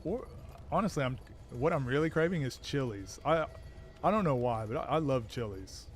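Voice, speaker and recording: A chatty man talks casually on his game stream, rambling from one topic to the next with a self-deprecating edge. His voice sits at an ordinary middle pitch. Faint game music plays quietly behind him. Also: lively intonation, normal speed. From Australia. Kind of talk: casual gaming stream chat.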